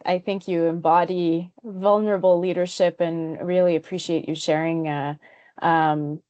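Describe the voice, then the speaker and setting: Woman moderator, lowish mellow voice, appreciative, muffled call audio. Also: flat delivery, measured pace, no echo. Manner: appreciative, gently thanking speakers. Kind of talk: panel moderation. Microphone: video call.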